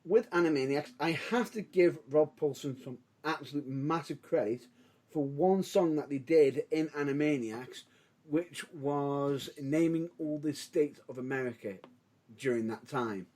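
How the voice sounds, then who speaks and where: A man's voice: fairly high pitch, unhurried, a little mellow. A man co-hosting a podcast, chatting enthusiastically and rambling with lots of restarts. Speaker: podcast co-host. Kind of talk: casual chat.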